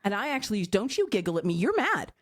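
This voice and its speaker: A woman's voice: medium pitch, sing-song, quick pace, dry recording, clean studio sound. A woman co-hosting a podcast, talking frankly and wryly about parenting, now and then slipping into mock-stern voices. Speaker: podcast co-host. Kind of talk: casual chat.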